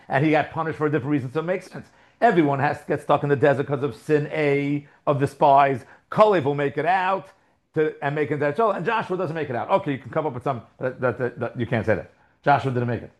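Man teaching a lively Torah class. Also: a little high. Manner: conversational, repeats and restarts, asks the class questions. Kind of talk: live class lecture.

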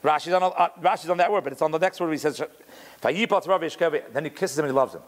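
A man teaching a Torah class in an animated way, explaining commentary, restarting often and mixing in Hebrew terms. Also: fairly high pitch, very fast.

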